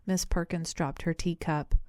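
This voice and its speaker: Mellow, smooth woman narrating a novel. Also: on the low side, steady tone, moderate pace, no echo, studio quality. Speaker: audiobook narrator. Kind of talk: scripted narration.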